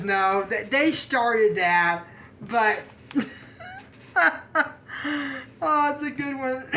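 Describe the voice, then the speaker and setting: A woman's voice: on the high side, a bit bright, a little hiss or hum. A woman casually recapping a cartoon episode, rambling off on tangents and giggling often. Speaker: anime episode reviewer.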